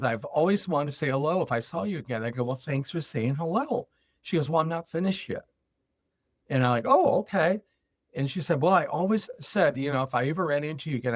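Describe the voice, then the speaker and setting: A man with a slightly raised pitch tells a personal story on a podcast. He acts out the remembered conversation line by line, shifting between the voices. The sound is close and dry, with no room around it. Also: dry recording. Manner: animated retelling, acting out both sides of a dialogue. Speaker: guest speaker.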